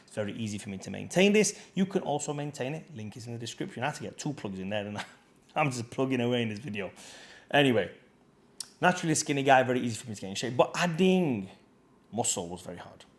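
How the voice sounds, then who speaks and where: A man's voice: mid-range voice, animated, fast. A man, a fitness coach, talking casually to camera in a slangy, chatty storytelling way.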